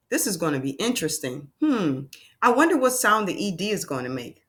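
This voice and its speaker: A woman's voice: on the low side, very animated, fairly quick, a bit bright. A woman teaching a phonics lesson to young children, sounding out letters and making playful exclamations.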